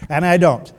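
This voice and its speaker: A male pastor preaching a sermon in an animated, joking way, acting out quotes as he goes. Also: on the high side.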